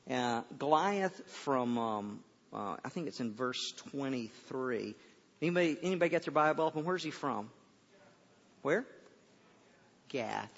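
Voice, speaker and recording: A man's voice: medium pitch, gravelly, big-room sound, highs cut off. A man preaching a sermon to a room of listeners, telling a story conversationally with many stammers and restarts.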